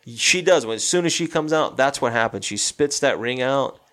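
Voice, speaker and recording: A podcast co-host with a mid-range, slightly bright voice and lively intonation talks at a normal speed. During a casual film chat, he retells a horror movie scene by scene, loosely and with the quoted lines acted out.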